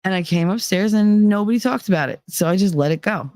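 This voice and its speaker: A woman's voice: medium pitch, fast talker, darkish tone, no echo. A woman hosting a podcast, telling personal stories in a candid, profane, laughing way. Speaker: podcast host. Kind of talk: casual personal storytelling.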